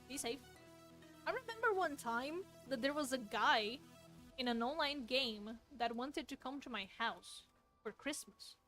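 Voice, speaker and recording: Young adult woman, high and unhurried, rambling casual chat while drawing, faint music underneath. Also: a bit bright. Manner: rambling, self-interrupting, laughs often. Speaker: artist streaming while drawing. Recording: faint music playing behind.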